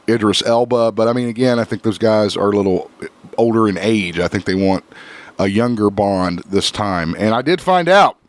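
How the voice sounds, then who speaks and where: A man's voice: medium pitch, no echo. A man hosting a casual podcast chat, laughing a lot and swearing loosely while fighting sinus trouble. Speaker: podcast host.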